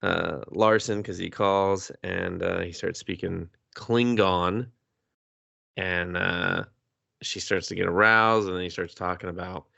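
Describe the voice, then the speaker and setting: Male podcast co-host, gravelly low voice, animated profane recapper. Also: measured pace, no echo, muffled recording. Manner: profane, animated retelling with put-on character voices. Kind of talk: casual movie review chat.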